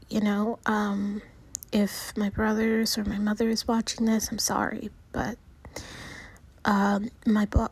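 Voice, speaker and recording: A woman talking in a personal video diary with a small, soft voice that often drops near a whisper, halting and restarting as she speaks. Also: on the high side, husky, no echo. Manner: halting, with many pauses and restarts. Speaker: vlogger.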